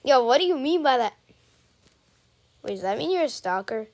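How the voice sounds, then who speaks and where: A woman's voice: high voice, very animated, moderate pace, darkish tone. A woman giving playful, casual commentary on her game stream and chatting to her viewers. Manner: playful, keeps addressing viewers as guys. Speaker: gaming streamer.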